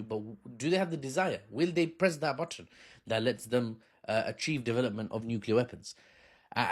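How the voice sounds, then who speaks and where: A man's voice: medium pitch, breathy edge. A man giving casual political commentary in a sarcastic, mocking way, with chatty slang.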